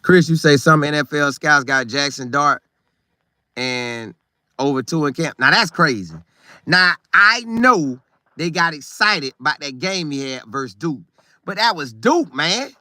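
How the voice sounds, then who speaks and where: A middle-aged man hosts a casual live stream and reads viewer comments aloud. His voice sits a little high and has a bright, forceful edge. He talks loosely and repeats phrases for emphasis, and the sound is dry and close. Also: expressive, measured pace, no room sound. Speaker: show host reading live chat. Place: Florida.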